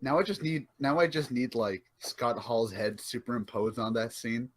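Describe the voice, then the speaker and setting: A man's voice: medium pitch, normal speed, slight background noise. A young man co-hosting a podcast, chatting casually, laughing and swearing as he quotes wrestlers. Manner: laughing, profane, playfully quoting wrestlers. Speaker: podcast co-host. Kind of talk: casual chat.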